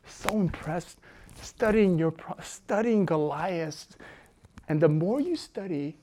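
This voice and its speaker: A middle-aged woman pastor preaching a sermon in an animated way, moving from loud exhortation to quiet intensity and laughing often. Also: on the low side, takes it slowly, slight background noise.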